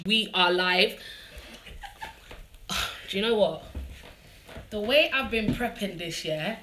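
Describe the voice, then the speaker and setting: A woman's voice: medium pitch, slow, pauses often, pushed and bright, roomy sound. A woman with a London accent hosting a casual live interview, chatty and bubbly. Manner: chatty and bubbly, laughs often. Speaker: host. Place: living room.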